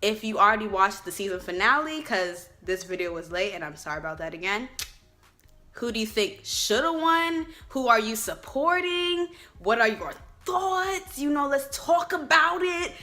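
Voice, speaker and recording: A young woman chatting to camera in a casual vlog, expressive and talkative. Her voice sits a bit high and comes across bright and forceful. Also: moderate pace. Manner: chatty, expressive, addresses viewers as y'all. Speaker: vlogger reviewing a reality show.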